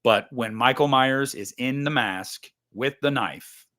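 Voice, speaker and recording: Animated, swearing man talking movies. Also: medium pitch, measured pace. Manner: animated, swears freely, acts out scenes in exaggerated voices. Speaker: podcast host. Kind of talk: casual movie discussion.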